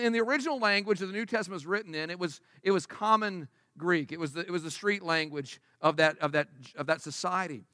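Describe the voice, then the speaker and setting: Bright, high-voiced preaching man. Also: clean tone, no room sound, studio quality. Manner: emphatic, conversational preaching with rhetorical questions. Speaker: pastor. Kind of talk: sermon. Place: church service before a congregation.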